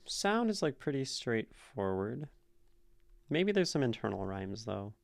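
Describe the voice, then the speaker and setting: A man's voice: mid-range voice, sing-song, measured pace, creaky. A man streamer talking through a poem's rhyme and meter, thinking aloud and reading lines back to himself. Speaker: streamer analyzing poetry. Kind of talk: casual poetry analysis on a live stream. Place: streaming room.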